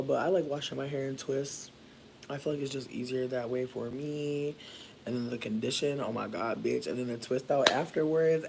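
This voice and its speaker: A man from Michigan chatting casually with viewers while doing his hair, playful and profane, with sudden jumps into high squeals. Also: creaky, slight background noise. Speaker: livestreamer.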